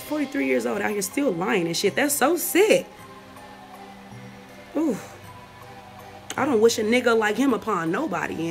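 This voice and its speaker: A woman's voice: on the high side, gravelly. A woman, ranting in a profane, scornful vlog and reading out messages. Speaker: vlogger.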